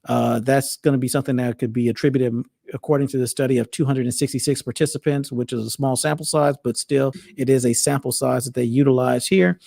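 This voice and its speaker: Gravelly-voiced man hosting a rambling monologue. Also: medium pitch, a little mellow, no echo, studio quality. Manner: rambling, repetitive restarts. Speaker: host. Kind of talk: casual monologue.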